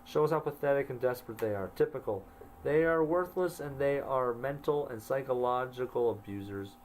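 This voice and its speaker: A man's voice: mid-range voice, normal speed, darkish tone, slight background noise, poor audio. A man telling his own story, reading his old journal entries aloud and adding wry asides. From Canada.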